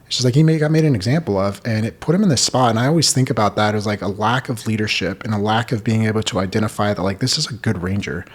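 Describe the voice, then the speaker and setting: A man's voice: on the low side, fast talker, hardly any pauses. A man in his thirties, a podcast host, candidly telling a personal story in an earnest, rambling way full of "like". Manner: earnest, rambling, heavy use of "like".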